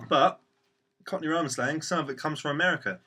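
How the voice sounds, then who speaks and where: A man's voice: on the high side, quick pace, pushed and bright. A young English man co-hosting a casual vlog chat, joking dryly and cutting in. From England. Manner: dry joking, cuts in. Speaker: vlog co-host.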